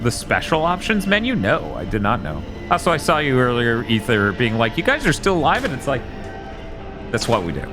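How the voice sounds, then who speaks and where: A man's voice: medium pitch, big pitch swings, normal speed, over music. A man co-hosting a live game stream, chatting casually in a rambling way and swearing now and then. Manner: rambling, swearing, loose storytelling. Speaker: streamer co-host.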